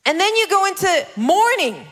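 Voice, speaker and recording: A woman in her thirties preaches with an animated, playful delivery, slipping into the voices of the people she quotes. Her voice is high and bright. A long reverb trails each phrase, as in a large hall. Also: normal speed. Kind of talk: sermon.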